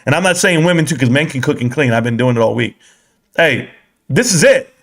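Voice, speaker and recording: Animated man joking on a live stream. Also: fairly quick. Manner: animated, joking, profane, swings from loud excitement to low mutters. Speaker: stock market live streamer. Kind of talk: casual live stream chat, reading chat.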